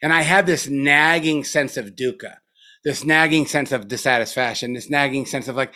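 A man's voice: fairly high pitch, moderate pace, pushed and bright. Rambling, profane meditation teacher man. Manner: loose, profane, rambling with many fillers. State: a little spaced out after retreat. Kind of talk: casual dharma talk.

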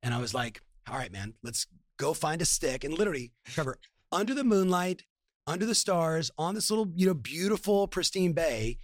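Guy in his 30s telling a story, kinda high voice, acts out all the lines, dry close sound. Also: normal speed, no room sound. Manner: animated storyteller, acts out dialogue. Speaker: podcast guest. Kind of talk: storytelling, motivational talk.

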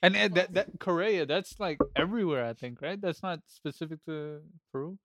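A man's voice: on the high side, moderate pace, a bit bright, no echo, clean studio sound. A man co-hosting a podcast, casually telling a story from his life. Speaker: podcast co-host.

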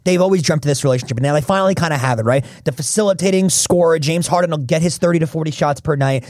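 A man hosting a sports podcast, talking fast and emphatically as he argues his points. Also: a little high, darkish tone, no echo, clean studio sound. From Philadelphia area. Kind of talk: casual sports talk.

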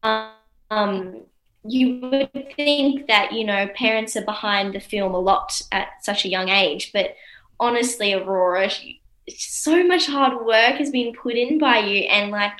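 A woman's voice: mid-range voice, measured pace, soft background music. Hesitant young woman in a roomy echo. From Australia. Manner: hesitant, many ums, then warmly praising. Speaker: young actor guest. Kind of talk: casual interview chat.

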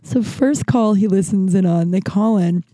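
A woman's voice: mid-range voice, normal speed, dark tone, no echo. A woman in her thirties hosting a podcast, telling a rambling casual story and often breaking into laughter. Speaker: podcast host.

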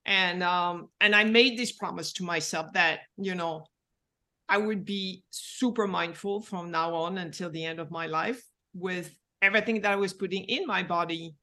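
A woman's voice: lowish voice, moderate pace, bright, forceful tone. A middle-aged woman with a French accent, a company founder talking as a podcast guest, reflective and full of "you know". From France. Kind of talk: podcast interview.

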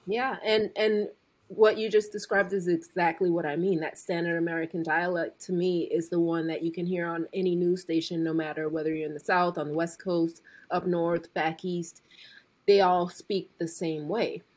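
A woman in her forties with a husky, slightly breathy voice, speaking in a casual podcast chat. She sits a little low in pitch and talks slowly and deliberately, as if weighing each word. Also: level tone, a little mellow. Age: 40s. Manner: slow, deliberate speech. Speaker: podcast co-host. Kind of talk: casual conversation.

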